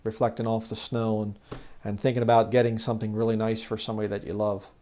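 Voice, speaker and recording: A man giving an informal bible teaching, talking conversationally and growing louder when he reads scripture. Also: on the low side, little pitch movement, fast. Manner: conversational, rises loud when reading scripture; mocks legalists in put-on voices. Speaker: preacher.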